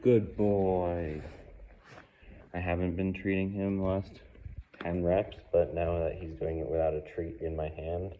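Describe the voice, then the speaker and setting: A man working as a dog trainer, calmly explaining a hands-on training demonstration between short, firm commands. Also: low voice, normal speed, slight background noise. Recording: tinny phone-like sound.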